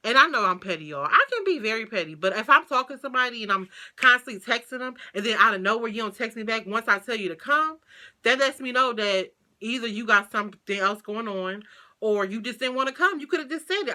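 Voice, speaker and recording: A woman, telling a casual storytime. She is chatty and animated, uses lots of slang and fillers, and keeps talking to her viewers. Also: on the high side. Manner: slangy, swears freely. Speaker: vlogger.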